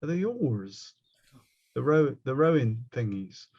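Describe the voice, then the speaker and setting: West Country man, chatty self-mocking art tutor, mid pitch, muffled call audio. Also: very animated, slow pace, husky. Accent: West Country English. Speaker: watercolour painting teacher. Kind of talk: casual online workshop teaching.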